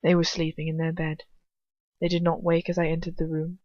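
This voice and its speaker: Calm, cold man, as a woman reads him. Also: deep voice, a little fast, lo-fi sound, close to an everyday voice. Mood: flat, controlled. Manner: still, perfectly controlled voice.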